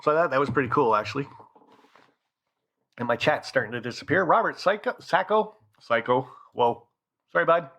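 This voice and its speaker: A man's voice: mid-range voice, animated, normal speed, pauses often, bright, forceful tone. Chatty man hosting a hobby live stream. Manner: chatty, rambling, reads out viewer names. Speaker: channel host. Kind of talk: casual live-stream chat. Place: home model railroad room.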